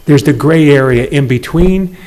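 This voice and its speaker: Police chief explaining at a council meeting. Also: male voice, fairly high pitch, a little mellow. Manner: measured, explanatory, uses plain examples. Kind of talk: answering questions at a public meeting.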